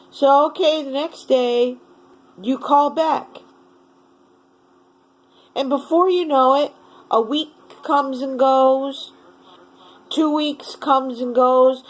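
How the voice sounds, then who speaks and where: High-pitched woman ranting on camera; slow, seething, heavy profanity. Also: low-quality recording. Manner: furious, profane, swears constantly. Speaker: vlogger. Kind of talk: angry rant to camera.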